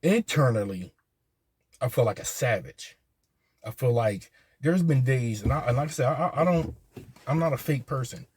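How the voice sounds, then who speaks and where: A man, speaking earnestly in a halting personal monologue, often repeating his words. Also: mid-range voice, lively intonation, darkish tone, slightly rough, no room sound. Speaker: vlogger.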